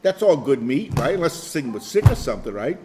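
A man's voice: mid-range voice, very animated, quick pace, noisy background. Older man giving a rambling sermon. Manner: rambling, repeats phrases, chuckles. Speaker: Bible study leader. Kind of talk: informal sermon to a group.

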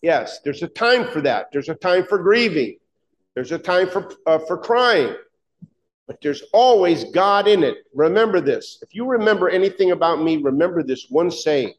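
A man's voice: on the high side, lively intonation, moderate pace. A man preaching a sermon in an emphatic, conversational way, asking his listeners pointed rhetorical questions.

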